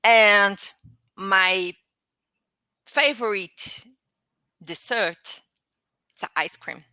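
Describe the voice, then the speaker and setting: Woman, non-native English speaker, halting, laughs a lot, bright voice, dry call audio. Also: medium pitch, smooth, no echo. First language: not English. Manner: hesitant, halting, laughs often. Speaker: English learner. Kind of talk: video-call lesson practice. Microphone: video call.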